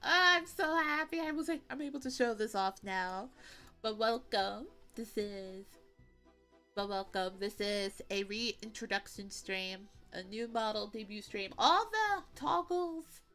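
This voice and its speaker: A woman's voice: fairly high pitch, expressive, slow pace, pushed and bright, faint music behind. A young woman streamer chatting with her viewers in a giggly, playful way, with teasing mock pouts. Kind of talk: casual live-stream chat.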